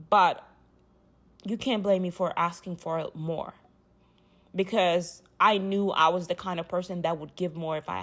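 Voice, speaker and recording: A woman's voice: fairly low pitch, fairly bright tone. A young woman from Uganda, telling her own story in a rambling, heartfelt monologue full of restarts.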